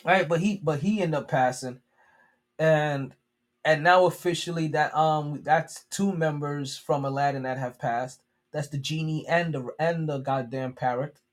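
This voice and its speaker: Male sports podcast host, casual and profane, stumbles and restarts often, slightly higher voice. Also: steady tone, a little slow. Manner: rambling, profane, frequent restarts.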